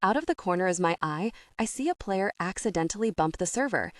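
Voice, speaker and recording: A young adult woman reading a first-person romance audiobook with a steady, calm and expressive delivery. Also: mid-range voice, fairly quick, no room sound, studio quality. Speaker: audiobook narrator.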